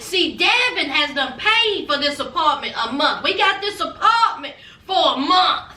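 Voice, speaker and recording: A woman's voice: high-pitched, measured pace, roomy sound, recorded from a distance. A woman, recapping a reality show in a sassy, chatty way, calling listeners honey and child. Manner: sassy and animated, calls viewers honey and child, acts out quotes.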